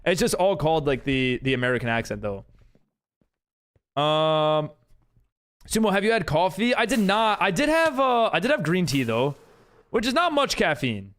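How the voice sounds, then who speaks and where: On the high side and a bit bright, a man's sing-song voice moves at a moderate pace with long pauses. He's live-streaming a game, reading chat aloud and answering viewers in a rambling, giggly, casual way.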